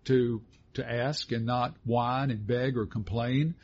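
A man's voice: medium pitch, steady tone, takes it slowly, darkish tone. A middle-aged man co-hosting a Christian teaching talk, folksy and affirming as he reads and explains scripture. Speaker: co-host of a Christian teaching show. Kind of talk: conversational Bible teaching. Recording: dull lo-fi sound.

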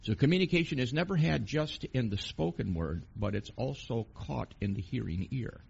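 Gravelly-voiced man preaching a sermon. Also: medium pitch, animated, normal speed, dull audio. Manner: emphatic, rising to loud peaks with questions to the congregation.

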